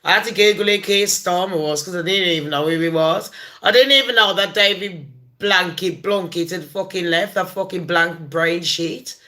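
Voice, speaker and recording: Bright-voiced woman ranting. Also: on the low side, moderate pace. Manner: profane, rambling, heated rant. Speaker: gossip vlogger. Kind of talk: ranting commentary vlog.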